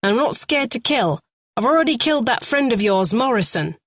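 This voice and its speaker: A man's voice: moderate pace, close to an everyday voice. Woman voicing a frantic young kidnapper. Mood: frantic bravado. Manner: shrill, frantic, swearing. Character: panicky young male kidnapper, cornered and volatile. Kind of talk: audiobook character voice.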